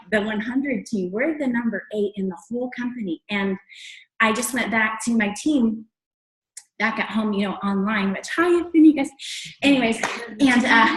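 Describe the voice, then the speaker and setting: Bubbly woman with a high voice, echoey room. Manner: bubbly, laughs often, bursts into loud exclamations. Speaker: distributor sharing a story. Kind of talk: excited testimonial at a training meeting.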